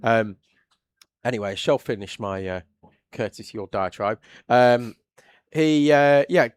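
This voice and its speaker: A man with an English accent doing live motorsport commentary, chatty and quick to react loudly when something happens on track. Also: medium pitch, smooth, no room sound, clean studio sound. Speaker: race commentator.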